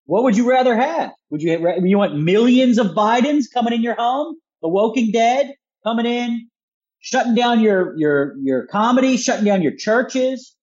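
A man's voice: sits high, a little mellow, muffled recording. A man with a Philadelphia accent, a guest on a talk radio show, making his points in punchy, combative bursts full of rhetorical questions. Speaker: guest author.

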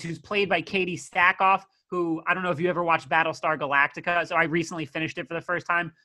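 A man's voice: a little high, pushed and bright. A man co-hosting a casual review podcast, blunt and sarcastic, critical of the writing. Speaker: podcast co-host reviewing a TV episode. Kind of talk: casual chat.

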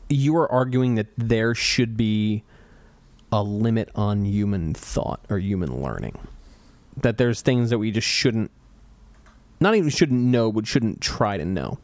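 A man's voice: lowish voice, big pitch swings, measured pace, darkish tone, dry recording. A man co-hosting a podcast, making a blunt, profane argument in casual talk. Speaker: podcast co-host.

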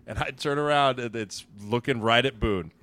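A former football lineman in his thirties telling animated stories on a casual sports podcast, acting out the quotes. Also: medium pitch, moderate pace. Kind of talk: casual sports chat, storytelling.

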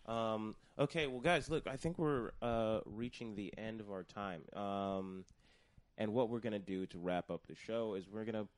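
This man hosts a loose, joking conversation in a fairly low voice, stopping often to say "um" and "uh". The sound is dry and close, with no room echo. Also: moderate pace. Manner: hesitant, many fillers. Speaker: host. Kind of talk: casual comedic chat.

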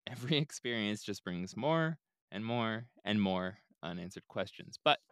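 Laid-back man with a lively low voice. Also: moderate pace, smooth, dry recording. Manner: laid-back, adds joking asides. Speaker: podcast host. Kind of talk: casual storytelling narration.

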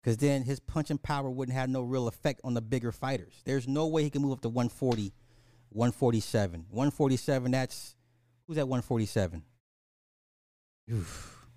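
A man's voice: mid-range voice, moderate pace, mellow, no echo. A man hosting a podcast, rambling in casual commentary, laughing and apologizing for going off track. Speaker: podcast host.

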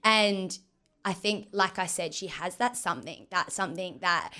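A woman, a football captain telling her story in a casual interview, animated and full of "like". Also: fairly low pitch, moderate pace. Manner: animated, lots of "like", acts out quotes.

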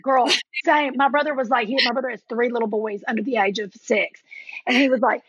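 A woman in her forties in casual chat, telling lively stories and acting out quotes in a higher voice. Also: brisk, breathy edge, dry recording, highs cut off. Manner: animated storyteller, acts out quotes with a jump in pitch. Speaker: podcast guest.

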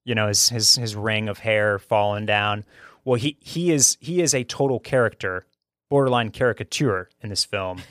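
In a clean studio recording with no echo, a podcast host whose voice sits on the low side and a bit bright talks about a film at normal speed. His casual review is enthusiastic and chatty, full of restarted sentences.

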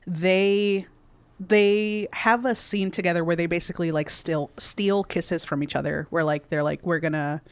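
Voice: medium pitch, fairly even intonation, measured pace, clear, resonant tone, no echo. A podcast co-host casually recapping a movie plot, rambling with lots of fillers and restarts.

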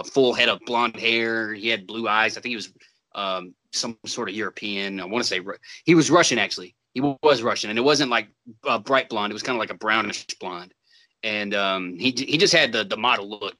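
A man in a casual chat who laughs often and drops swear words into drawn-out asides. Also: lowish voice, bright, forceful tone.

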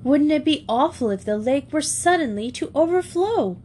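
Woman reader playing a bold chirpy schoolgirl, storybook reading, higher than her narration. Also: animated, normal speed, dark tone, slight background noise. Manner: breezy, chirpy and forthright. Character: irrepressible cheeky English schoolgirl.

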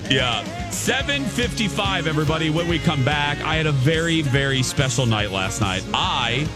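Lively radio host man in his forties. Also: a little high, moderate pace, over loud music. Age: 40s. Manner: upbeat, wraps segments with promos. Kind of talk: morning radio banter.

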